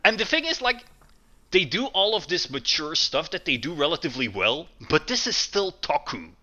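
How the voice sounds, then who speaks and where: A man chatting casually on a podcast with a very bright, sharp-edged voice. He rambles, piles up fillers, and restarts his sentences often. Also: normal speed, dull audio. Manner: rambling, many fillers and restarts, lively swings in pitch. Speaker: podcast co-host. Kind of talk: casual chat.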